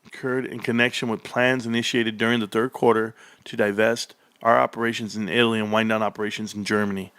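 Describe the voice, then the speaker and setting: Man, excitable livestream host, bright forceful voice, dry close sound, reads numbers then shouts. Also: on the low side, fast talker, smooth, no room sound. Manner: excitable, reads figures aloud, jumps to shouts. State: out of breath. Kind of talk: live reaction to earnings report.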